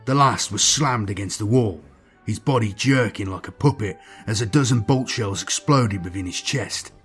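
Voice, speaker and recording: A man narrating a dark science-fiction story in a measured, grim storytelling manner. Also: on the low side, soft background music. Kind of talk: scripted dark sci-fi story reading.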